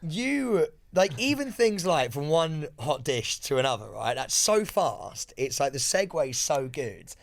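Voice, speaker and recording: A man co-hosting a podcast, talking in an excitable, sweary and emphatic way. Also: fairly high pitch, a little slow, gravelly, few pauses. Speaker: podcast co-host. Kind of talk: casual chat.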